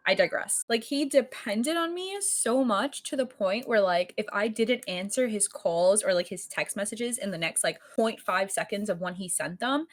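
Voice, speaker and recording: A young woman co-hosting a podcast, telling a story in casual chat, full of fillers and cursing, acting out quoted lines loudly. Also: medium pitch, moderate pace, few pauses. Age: young adult. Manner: animated storytelling, heavy filler "like", frequent cursing; acts out quoted lines in raised louder voice. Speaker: podcast co-host.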